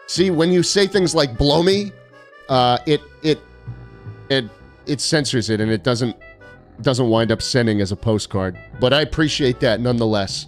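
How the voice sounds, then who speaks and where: A man's voice: mid-range voice, lively intonation, normal speed. Young guy streaming, sarcastic and smug, voice bouncing all over, faint game music behind. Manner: sarcastic, mock-arrogant joking. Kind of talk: casual livestream chat reading viewer postcards.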